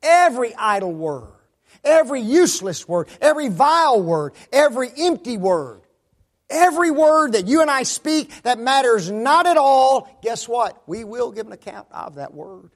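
A man with a strikingly high-pitched voice delivers a sermon to his congregation, very animated and at a moderate pace. He repeatedly addresses his listeners as "folks" and ends his points with rhetorical questions.

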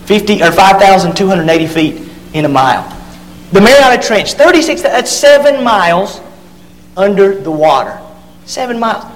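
A man preaching a sermon and reading scripture aloud, leaning hard on key words and drawing some of them out slowly. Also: high-pitched, sing-song, a little hiss or hum. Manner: emphatic, drawn-out stresses on key words. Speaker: pastor. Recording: long hall reverb.

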